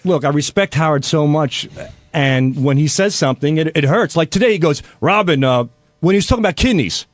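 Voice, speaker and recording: A man's voice: fairly high pitch, fairly quick, no room sound. A radio show staffer telling a story in casual studio chat and acting out the dialogue he quotes. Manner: animated storyteller who acts out quoted dialogue. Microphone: studio mic.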